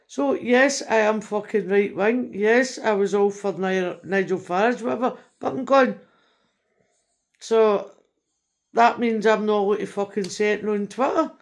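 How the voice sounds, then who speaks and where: A woman's voice: mid-range voice, unhurried. A Scottish woman from Scotland delivering a heated, rambling, sweary rant in a video message, constantly tagging her sentences with "right?". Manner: frequent tag question "right?".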